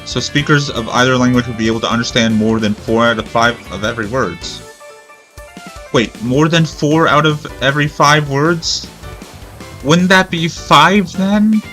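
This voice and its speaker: Let's-play guy, slightly high and bright, musing out loud and second-guessing himself. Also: unhurried, soft background music. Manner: rambling, thinks aloud, questions himself. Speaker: gamer.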